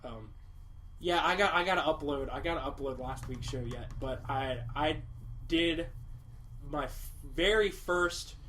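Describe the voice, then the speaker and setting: A man's voice: a little high, unhurried, fairly bright tone, slight background noise. A man hosting a podcast, chatting casually and rambling, with lots of swearing and restarts. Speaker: podcast host. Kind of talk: casual chat.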